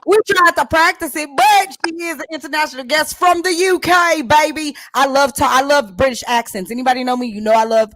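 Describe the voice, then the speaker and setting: A woman's voice: sits high, a little fast, hardly any pauses, fairly bright tone, no room sound, clean studio sound. A woman hosting a casual church youth show, chatting playfully with a lot of laughter and preachy asides. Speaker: host.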